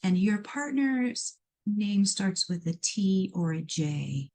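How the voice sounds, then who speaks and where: A middle-aged woman from Iowa hosts a live call-in show, reading out listeners' questions and answering them as a psychic medium. Her voice sits in an ordinary middle pitch. She talks in a chatty, animated way and keeps breaking off into playful asides. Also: takes it slowly.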